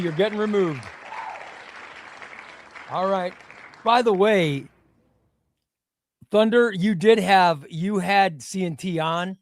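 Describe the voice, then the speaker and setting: Excitable high-voiced man hosting a stream. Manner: excitable, shouts names then drops to muttering. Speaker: live stream host. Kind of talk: casual live-stream giveaway commentary.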